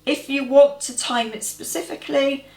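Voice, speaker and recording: A woman's voice: sits high, moderate pace, creaky, reverberant, rough recording. A woman host giving chatty, practical step-by-step cooking instructions in her home kitchen. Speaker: cooking vlogger. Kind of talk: casual cooking demonstration.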